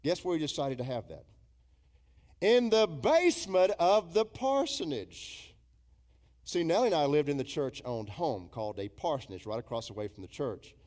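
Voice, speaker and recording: A man's voice: quick pace, few pauses. A middle-aged man, a pastor preaching a sermon in a church, emphatic and storytelling, mimicking imagined congregants. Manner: emphatic preaching with big swings in pitch and loudness, quoting imagined congregants. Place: church sanctuary.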